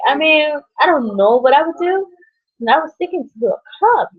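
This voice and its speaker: A young woman vlogging about her life and her book in a halting, rambling way, full of fillers and restarts. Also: fairly high pitch, lively intonation. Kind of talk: rambling personal vlog. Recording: dull lo-fi audio.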